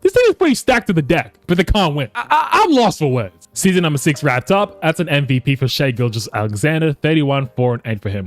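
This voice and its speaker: A young man giving casual, frustrated commentary over a basketball video game, cursing and swinging from low mutters to loud outbursts. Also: very animated, fairly quick, soft background music. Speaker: gaming YouTuber.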